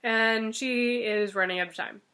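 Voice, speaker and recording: A woman's voice: fairly high pitch, fairly even intonation, a little slow, bright, forceful tone, clear, resonant tone. A woman casually retelling a fairy tale, joking and chatty with plenty of filler words. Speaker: storyteller.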